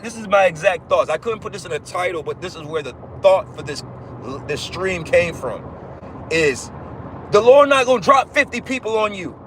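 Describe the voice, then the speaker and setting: A man's voice: high voice, a bit bright, a little hiss or hum, poor audio. A man giving an informal livestream sermon, emphatic and repetitive, swearing casually as he preaches.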